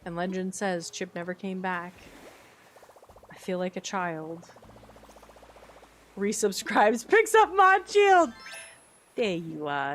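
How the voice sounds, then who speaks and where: A young woman plays a cozy life-sim game on stream, chatting casually with her viewers while giggling often and letting out excited squeals. Her voice sits at a medium pitch and she talks slowly, with long pauses. A little hiss or hum can be heard.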